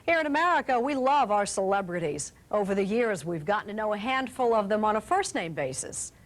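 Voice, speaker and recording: TV host, woman, scripted narration, lively pitch. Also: a little fast. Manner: polished broadcast delivery. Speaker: news program host.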